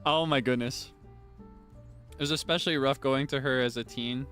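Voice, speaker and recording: Chill guy streamer rambling playfully, mid pitch voice, quiet music behind. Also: steady tone, normal speed. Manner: playful, rambling, self-deprecating. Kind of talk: casual chat.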